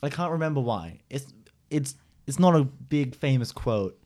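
A man's voice: mid-range voice, lively intonation, normal speed, a little mellow. A man chatting casually in a loose, hesitant way, full of fillers. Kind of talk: casual chat.

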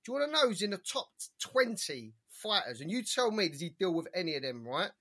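A young man holds forth on boxing in a relaxed podcast chat, high in pitch and bright in tone. There is a husky edge to his voice as he stacks up opinions and reels off lists of fighters. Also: a little fast. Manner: animated, opinionated, rattles off names. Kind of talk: casual chat.

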